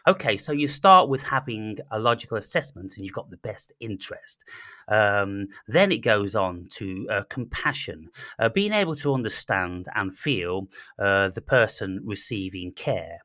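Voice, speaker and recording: A man rants straight to the listener in a blunt, profane monologue that stumbles through fillers and restarts. His voice is bright and forceful, and it is recorded dry and close. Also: fairly low pitch, lively intonation, moderate pace, no room sound. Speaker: channel host. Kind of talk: ranting monologue.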